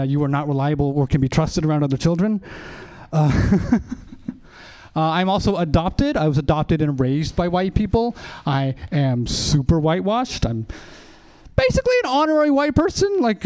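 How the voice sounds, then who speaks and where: A man's voice: a little high, dark tone, clean tone. A man in his thirties doing a rambling, self-deprecating stand-up set and hosting a show at a small comedy venue.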